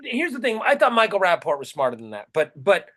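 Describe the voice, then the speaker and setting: Bright-voiced man ranting sarcastically. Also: high voice, huge pitch swings, quick pace. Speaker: podcast co-host. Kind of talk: casual comedic chat.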